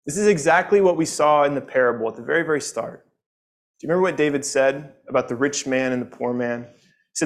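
A man teaching a Sunday morning Bible lesson in an earnest, conversational way. He often doubles back on his words while thinking, and his voice sits at an ordinary middle pitch. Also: fast.

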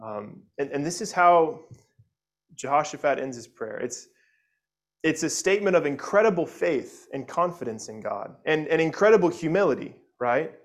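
A man preaching with earnest conviction, his voice sitting a touch higher than most men's. He stumbles into repeated words and keeps asking the congregation "right?", and he reads scripture aloud with feeling. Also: lively intonation, moderate pace. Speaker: pastor. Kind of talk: expository sermon.

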